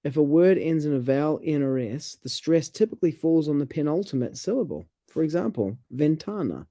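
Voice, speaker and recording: A man, chatting casually about language and reading passages aloud with halting restarts. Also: fairly high pitch, expressive, mellow, no echo.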